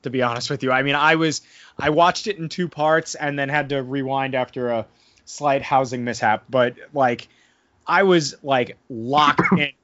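A man co-hosts a casual podcast, his talk loose and rambling, studded with "I mean" and "like". His voice sits at an everyday middle pitch. The sound is dry and close, but dull and lo-fi. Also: moderate pace, fairly bright tone, no room sound. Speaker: podcast co-host and wrestling promoter. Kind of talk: casual podcast review chat.

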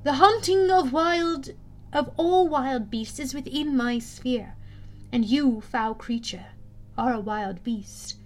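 Woman narrator as a cool, commanding girl goddess, slow and measured, high voice. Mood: stern calm. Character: stern, calm young goddess of the hunt, girl.

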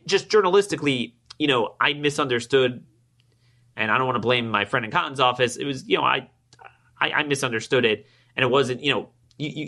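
A man hosting his own political podcast, talking alone to his listeners, growing emphatic and climbing higher when he gets indignant, and acting out both sides of past conversations. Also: sharp tone. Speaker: podcast host. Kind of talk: political commentary monologue.

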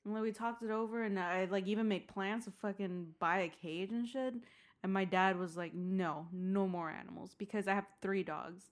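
A woman's voice: medium pitch, moderate pace. Giggly woman in her twenties. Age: 20s. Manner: laughs often, rambling. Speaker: podcast co-host. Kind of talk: casual chat.

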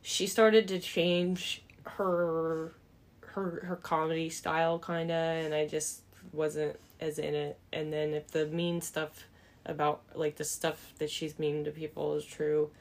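A woman's voice: low-pitched, level tone, slow pace. A woman co-hosting a podcast in chatty, enthusiastic, slightly rambling casual talk. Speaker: podcast co-host. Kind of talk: casual chat.

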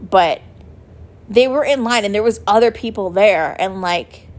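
A woman's voice: mid-range voice, unhurried, darkish tone. A young woman telling a story casually in a vlog, chatty and emotional, saying "like" a lot. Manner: chatty, heavy use of "like", emotional. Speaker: vlogger.

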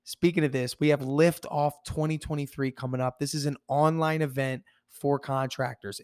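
A man hosting a business podcast, upbeat and direct, his voice hoarse from losing it. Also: a little high, no room sound, studio quality. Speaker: podcast host. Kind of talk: casual podcast interview.

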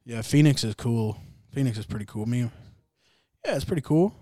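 A man's voice: mid-range voice, animated, a little fast, warm tone, dry recording. A young man hosting a laid-back sports podcast, rambling, joking and swearing as he reacts to games. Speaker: podcast host. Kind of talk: casual sports chat.

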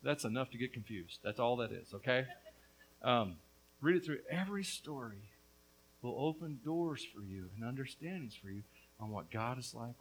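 A middle-aged man preaching a lively, joking sermon, with quick asides to the congregation. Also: medium pitch, a little hiss or hum, low-quality recording. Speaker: pastor.

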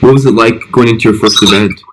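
A man's voice: fairly low pitch, steady tone, fast talker, a bit bright, low-quality recording. A man hosting a podcast, asking casual questions with slangy reactions. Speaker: podcast host. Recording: audible background noise.

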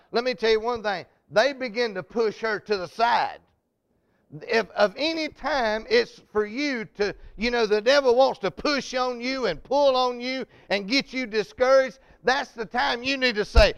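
A preacher with a strikingly high, smooth voice that carries a gravelly edge. He preaches with fervor, calls out to the people in front of him, and rises into shouts at the peaks. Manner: fervent, shouting climaxes, calls to congregation. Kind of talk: sermon.

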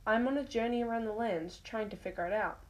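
A woman reading the lines of a wise female wolf who mentors a young cat in a storybook tale, measured and instructive. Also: a little high, natural voice, low-quality recording. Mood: stern.

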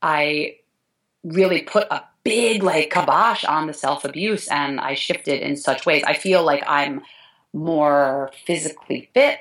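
Low-voiced earnest middle-aged woman. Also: fairly bright tone, low-quality recording. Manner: earnest, tearful at moments, restarts often. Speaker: guest, dance teacher. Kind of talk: emotional interview talk.

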